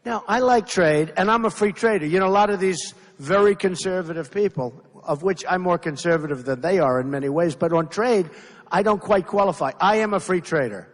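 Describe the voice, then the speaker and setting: A man's voice: sits high, a little fast. Emphatic older man at a rally podium. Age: 60s. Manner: emphatic, repetitive, off-the-cuff, interrupted by hecklers. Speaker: political candidate speaking at a rally. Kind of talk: campaign rally speech. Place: large indoor rally venue. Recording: reverberant hall with faint crowd noise.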